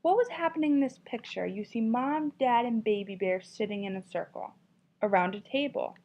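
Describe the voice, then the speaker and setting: A woman's voice: fairly high pitch, normal speed, a little mellow. A woman teacher reading a children's story aloud with expression, then asking a class encouraging questions about it. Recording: dull lo-fi recording.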